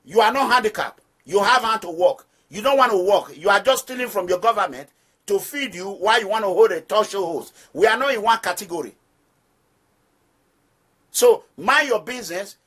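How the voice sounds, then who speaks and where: Forceful high-voiced Nigerian man. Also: animated, moderate pace, breathy edge. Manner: declamatory, emphatic, repeats phrases for stress; preaching address to listeners. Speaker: activist movement leader. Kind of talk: direct-address political commentary.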